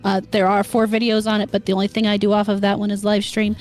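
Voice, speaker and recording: A woman guesting on a podcast in casual chat, with dry, deadpan humor. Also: mid-range voice, fast talker, faint music behind.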